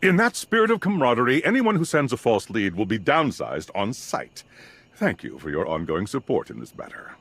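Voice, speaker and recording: A pompous CEO. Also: male voice, mid-range voice, big pitch swings, a little fast, fairly bright tone, breathy edge, exaggerated voice. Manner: pompous, self-important memo voice. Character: pompous male CEO announcing lost sunglasses.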